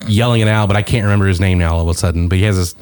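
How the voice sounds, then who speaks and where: A man's voice: sits low, racing. A middle-aged man, a comedian guest, telling rambling stories in casual podcast chat with plenty of restarts. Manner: animated storyteller, rambling with restarts.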